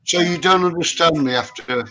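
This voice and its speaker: Casual man on a live stream, bright tone, loud and rambling. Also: fairly high pitch, normal speed, slight background noise. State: tired after a sleepless night. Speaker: livestream guest. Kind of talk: casual chat.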